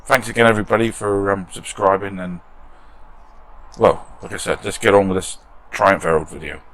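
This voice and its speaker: A man's voice: lowish voice, steady tone, moderate pace, vocal fry, fairly bright tone. A British man hosting a model restoration channel, chatting casually in his shed workshop and reading out viewer comments with self-deprecating humour.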